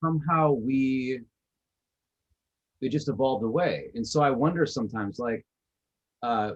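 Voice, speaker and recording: A man's voice: mid-range voice, a little slow, dull audio. A man from Wisconsin chatting easily on a podcast, his sentences trailing off. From Northeastern Wisconsin. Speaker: podcast co-host. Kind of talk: casual chat.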